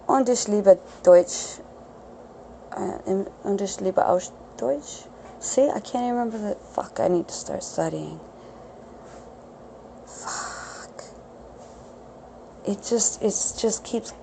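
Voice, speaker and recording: A woman's voice: on the low side, creaky, mellow, slight background noise, poor audio. A woman in her thirties hosting an unscripted solo podcast, crass and blunt, swearing freely and mocking herself. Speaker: podcast host.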